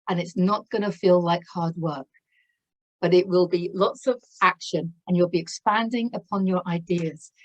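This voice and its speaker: A woman's voice: lowish voice, poor audio. A woman giving a spiritual tarot reading to camera, effusive and exclaiming in wonder, laughing often as she talks. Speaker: tarot reader.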